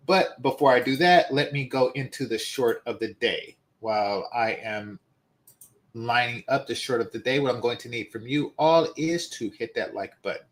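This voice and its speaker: A man in his forties gives his opinions in a relaxed, conversational way. He addresses viewers directly, and his voice sits at an ordinary mid pitch. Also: moderate pace. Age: 40s. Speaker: host. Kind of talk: casual commentary on dating.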